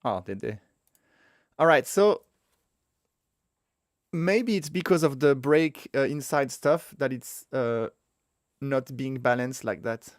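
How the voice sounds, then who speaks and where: A man's voice: medium pitch, slow pace, pauses often, dry recording, studio quality. Man thinking aloud through code. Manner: thinking aloud, self-correcting, chuckles at own mistakes. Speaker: web developer teaching a coding tutorial. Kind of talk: casual screencast coding walkthrough.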